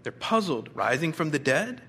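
A man's voice: fairly high pitch, very animated, moderate pace, pushed and bright, slightly rough. A man preaching a conversational sermon, with bits of humor and the odd filler. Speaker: pastor.

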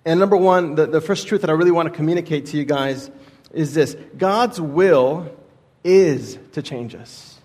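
A man's voice: on the high side, normal speed, darkish tone. A man in his thirties from Texas, a guest preacher telling a personal story in a casual, rambling sermon with many restarts. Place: church sanctuary. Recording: reverberant church hall.

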